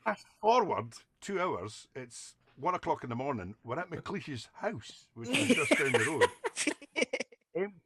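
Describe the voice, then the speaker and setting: A man's voice: fairly high pitch, unhurried, background noise. A Scottish man, a podcast guest, telling casual anecdotes full of Scots slang. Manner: lively storyteller with Scots slang.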